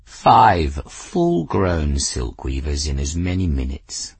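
A proud talking cat who thinks himself without flaw, as a male reader puts him on. His voice is deep, slow and husky, and each word sounds self-satisfied. It is recorded dry and close for a storybook. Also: very animated, no room sound, full character voice. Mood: smug. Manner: slow, smug, lordly.

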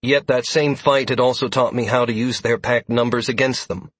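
A man narrating a fantasy adventure in first person, in a steady storytelling manner. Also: medium pitch, normal speed, breathy edge, no echo. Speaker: audiobook narrator.

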